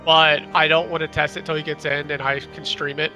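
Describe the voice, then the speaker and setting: A young man streams an online shooter, talking casually with friends, reacting to the gameplay and swearing at his teammates. His voice is a little high, bright and forceful, with a flat delivery at a fairly quick pace. Faint music plays behind him.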